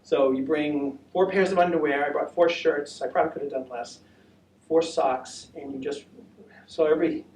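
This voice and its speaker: A man's voice: on the high side, steady tone, normal speed, a little mellow. An American man giving a casual talk about a long walk to an audience at a senior center, chatty and rambling with many fillers. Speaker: presenter of a walking trip talk. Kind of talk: casual presentation with audience questions. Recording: echoey room, voice from a distance, faint noise.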